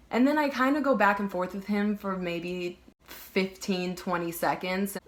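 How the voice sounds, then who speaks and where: A woman's voice: medium pitch, fairly even intonation, unhurried. A young woman vlogger telling a casual storytime, emphatic and heated, swearing and filling her talk with "like".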